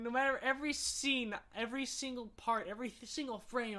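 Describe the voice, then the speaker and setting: This man has a bright, sharp tone that sits a bit high for a man. He co-hosts a casual podcast and recaps films with plenty of emotion, getting animated as he goes. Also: brisk, hardly any pauses. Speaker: podcast co-host. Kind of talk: casual movie chat.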